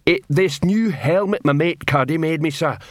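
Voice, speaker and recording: A man voicing a big, slow-witted male troll guard who speaks in simple, broken grammar and is eager to please. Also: a little high, no room sound, clean studio sound, voice pushed up, close to an everyday voice. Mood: proud.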